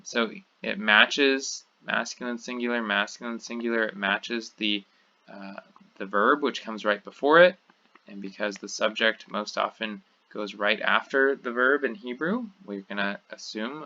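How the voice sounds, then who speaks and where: A man's voice: lowish voice, moderate pace, sharp tone. A man teaching a recorded lecture, working through examples step by step and repeating key words. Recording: dull lo-fi recording.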